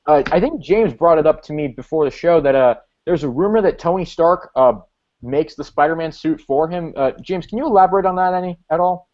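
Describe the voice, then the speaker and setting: A man's voice: on the high side, brisk, a little mellow. A man hosting a casual fan discussion, chatty and asking long rambling questions. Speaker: podcast host. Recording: dull lo-fi audio.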